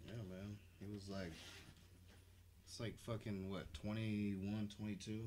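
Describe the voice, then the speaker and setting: A man co-hosting a podcast, chatting casually and swearing freely, getting animated when riled up. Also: on the low side, measured pace, a little hiss or hum. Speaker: podcast co-host. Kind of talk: casual chat.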